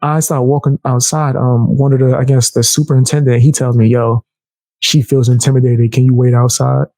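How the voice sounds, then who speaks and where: A young man telling a heated personal story in casual, animated speech, raising his voice to act out the people he quotes. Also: mid-range voice, moderate pace, no echo. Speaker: storyteller vlogger.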